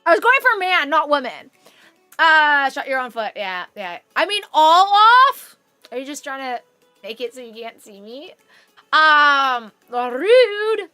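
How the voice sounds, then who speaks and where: High, bright, chatty young woman streamer. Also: big pitch swings, measured pace, no room sound, soft background music. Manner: rambling and chatty, swears casually. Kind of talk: casual chat on a live stream. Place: her room at home.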